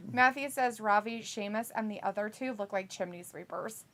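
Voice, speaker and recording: A woman hosting a live watch-along stream, reading viewer chat messages aloud with quick laughs in casual talk. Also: mid-range voice, a bit bright.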